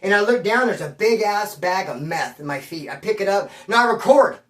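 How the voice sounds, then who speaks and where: A man's voice: high-pitched, expressive, a little fast, fairly bright tone. Slangy rambling man in echoey room. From Bakersfield area. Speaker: storyteller on his own channel. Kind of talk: casual storytelling. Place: room at home. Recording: roomy, mic at a distance.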